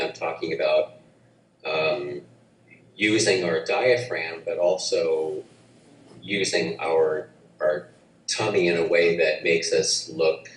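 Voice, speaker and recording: A man teaching a breathing practice, speaking gently and haltingly with many restarts. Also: extremely low pitch, slight background noise. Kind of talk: guided breathing instruction. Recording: roomy, distant mic, faint ambience.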